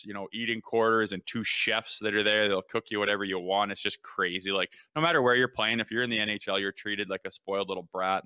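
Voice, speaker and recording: A man co-hosting a sports show, a former pro player telling stories in a relaxed, casual way. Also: on the low side, clean tone, no room sound, clean studio sound. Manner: laid-back, storytelling, frequent "man" and "hey".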